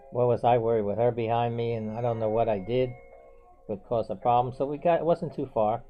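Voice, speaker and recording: A man's voice: mid-range voice, a little fast. A man telling a personal story in a casual, rambling way, full of "you know" and restarts. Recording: dull lo-fi with faint music.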